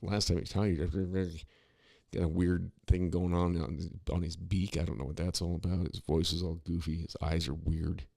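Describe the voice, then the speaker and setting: A man's voice: low voice, flat delivery, moderate pace, creaky, dark tone, dry recording, studio quality. A man co-hosting a podcast, talking in a rambling, opinionated way with many restarts and asides. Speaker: podcast co-host. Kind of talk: casual political commentary.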